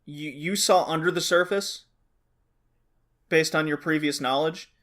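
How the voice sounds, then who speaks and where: Blunt, griping higher-voiced man. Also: measured pace, fairly bright tone. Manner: blunt, complaining, swears. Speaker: podcast co-host. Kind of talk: casual chat.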